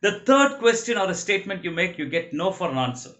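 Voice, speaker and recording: A man with an Indian English accent delivers a motivational training lecture. His pitch sits fairly high and swings widely as he stresses each point, and he hammers his key phrases home by repeating them. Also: sing-song, fast talker, fairly bright tone.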